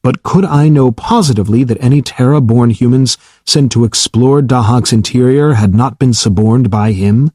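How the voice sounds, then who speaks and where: A man reading a calm, precise battleship AI. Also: medium pitch, no echo, clean studio sound, natural voice. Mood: measured. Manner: measured, precise, unflinching. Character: calm formal self-aware battleship AI. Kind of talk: audiobook character reading.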